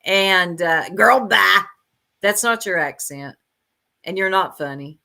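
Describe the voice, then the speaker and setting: Slow, blunt, bright-voiced woman commentator. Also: medium pitch. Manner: blunt, sarcastic, laughs often, talks to chat. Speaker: reaction commentator. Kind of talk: casual reaction commentary.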